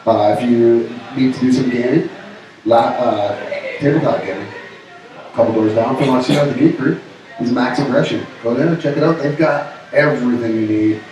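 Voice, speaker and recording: A man's voice: medium pitch, moderate pace, lo-fi sound, a crowd in the background. A man co-hosting a live stream from a pub, chatting casually and joking in rambling asides. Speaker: podcast co-host. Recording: echoey room, far from the mic.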